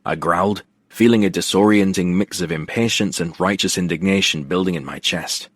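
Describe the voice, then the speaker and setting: A man narrating a romance audiobook in the first person, wry and expressive, on a close studio mic. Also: low-pitched, brisk, few pauses, dry recording.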